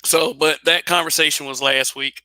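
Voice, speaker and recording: A man's voice: on the high side, steady tone, moderate pace, sharp tone, smooth, dry recording. A man hosting his own channel, talking bluntly and casually with profanity and frequent restarts. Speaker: channel host. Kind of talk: casual opinion monologue.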